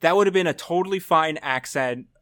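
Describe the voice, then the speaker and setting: A man's voice: a little high, fairly quick, fairly bright tone, dry recording, clean studio sound. A man co-hosting a casual podcast, joking about a movie and breaking into mock voices. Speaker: podcast co-host.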